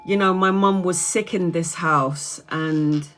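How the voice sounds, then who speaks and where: A woman's voice: fairly low pitch, steady tone, slow, music in the background. A woman, congested and bunged up, chatting in a rambling way on a home live stream as a tarot reader and answering viewers' comments. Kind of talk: casual live-stream chat.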